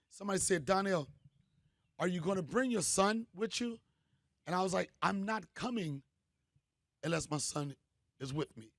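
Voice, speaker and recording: A middle-aged man, a comedian host, telling stories in a punchy, animated way. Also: high voice, no room sound, studio quality. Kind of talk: storytelling monologue.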